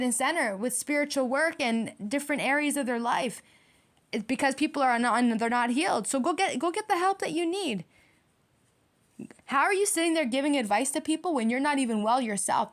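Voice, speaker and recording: A woman giving a tarot reading to her viewers, ranting in a heated, profane and repetitive way. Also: high voice. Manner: addresses viewers directly. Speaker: tarot reader.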